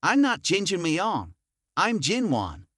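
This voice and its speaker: A man voicing a calm, morally rigid young man who speaks firmly. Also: high-pitched, slow, no echo, clean studio sound, exaggerated voice.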